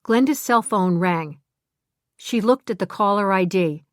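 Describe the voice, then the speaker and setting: A woman narrates an audiobook in an even, mid-pitched voice. The recording is close and dry, with no room around it. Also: unhurried, no room sound. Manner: clear, even storytelling with character voices.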